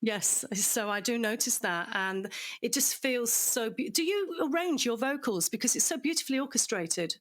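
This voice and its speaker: A woman hosting a podcast in casual chat, effusive and quick to laugh. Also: on the high side, lively intonation. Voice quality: chatty, laughs often, warm and effusive. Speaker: podcast host.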